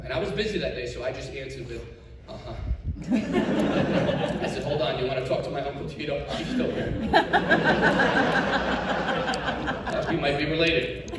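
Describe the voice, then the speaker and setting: A middle-aged male stand-up comic performs an animated storytelling set in a lively, high voice. The sound is roomy and echoey, caught from a distance with audible background noise. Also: a little slow, long pauses. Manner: animated storyteller acting out dialogue. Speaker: stand-up comedian. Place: comedy show stage. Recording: echoey live room from far off, noisy. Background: audience laughter.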